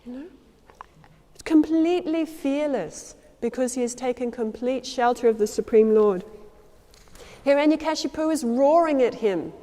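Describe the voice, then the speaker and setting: A woman telling a devotional story as a sermon, acting out the lines of its characters with changes in loudness and pace. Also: high voice, moderate pace. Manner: acts out quoted lines with shifts in loudness and pace. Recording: long hall reverb.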